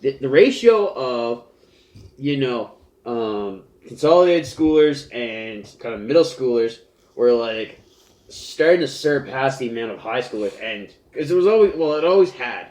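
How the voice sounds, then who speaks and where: A man's voice: mid-range voice, animated, measured pace, a little mellow. A young man co-hosting a podcast, telling rambling stories among friends and laughing often. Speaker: podcast co-host. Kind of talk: casual chat among friends. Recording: echoey room.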